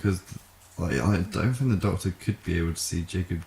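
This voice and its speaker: A man's voice: deep voice, fairly quick, gravelly, darkish tone. A man co-hosting a casual fan review podcast, chatty and jokey as he wraps up the episode. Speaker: podcast co-host. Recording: echoey room.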